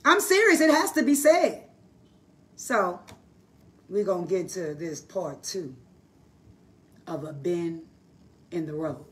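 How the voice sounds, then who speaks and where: Woman, hoarse voice, livestream sermon, emphatic folksy preaching, call-and-response asides. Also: lowish voice, animated, takes it slowly, pauses often, distant mic, a little hiss or hum. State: hoarse, losing her voice. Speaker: Bible teacher. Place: live online broadcast.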